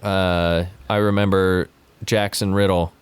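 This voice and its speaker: A man's voice: low voice, little pitch movement, takes it slowly, clear, resonant tone, dry recording. A man co-hosting a podcast in casual chat, telling stories with lots of swearing and laughter and acting out what people said. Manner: laughing, swearing storyteller who acts out quotes. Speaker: podcast co-host.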